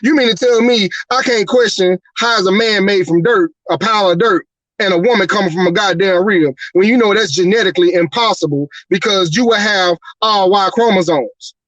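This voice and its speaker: A man with a raised, high-set voice delivers a heated rant as host of a live talk show. He is profane and fired up, and keeps hammering rhetorical questions. The sound is dry and close. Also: fairly quick, a bit bright, dry recording, muffled recording.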